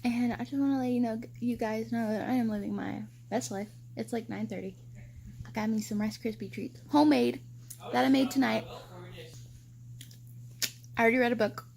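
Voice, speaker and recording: A young woman chats to camera for her reading vlog. Her voice sits a little higher than usual, and she talks loosely and swears freely as she rants about what she has been reading. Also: fairly even intonation, normal speed, vocal fry, pauses often, a little mellow. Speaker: book vlogger.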